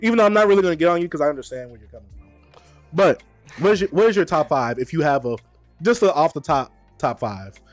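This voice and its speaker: A man's voice: fairly high pitch, animated, quick pace, no room sound, soft background music. A man hosting a casual stream chat, laid-back and playfully teasing his chat. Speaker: streamer and host.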